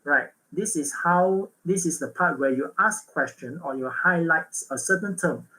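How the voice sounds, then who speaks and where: A man presenting a public speaking workshop, pausing on fillers, correcting himself and checking in with "right?". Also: a little high, bright, forceful tone, poor audio. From Malaysia.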